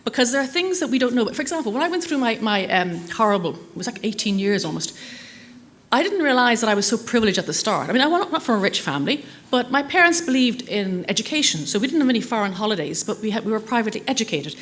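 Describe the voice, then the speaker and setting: Fast-talking woman. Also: a little high, sing-song, a bit bright, slight background noise. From Ireland. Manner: chatty, anecdotal, self-deprecating humor. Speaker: conference speaker. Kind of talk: conference talk. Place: conference hall.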